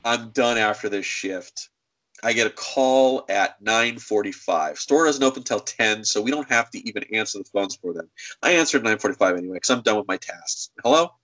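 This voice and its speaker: A man telling a story in casual chat, animated and slipping into acted quotes. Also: on the low side, moderate pace, rough recording.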